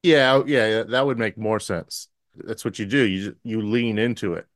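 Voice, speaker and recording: A man's voice: fairly low pitch, moderate pace, dry recording. Dry-voiced man riffing sarcastically. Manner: sardonic, riffs with mock grandeur. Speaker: podcast co-host. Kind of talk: casual comedic banter.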